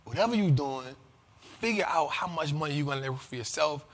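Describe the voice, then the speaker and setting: A man hosting an investing show, talking in animated, profane casual commentary and often asking if listeners follow him. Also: a little high, a little fast, long reverb tail. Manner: animated and profane, keeps asking "you feel me?". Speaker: host of a money and investing show.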